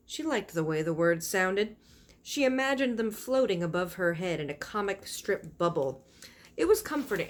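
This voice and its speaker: A woman's voice: on the low side, slight background noise. A woman reading a children's novel aloud, stopping for chatty asides that explain the pictures and fonts. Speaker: reader of a children's book.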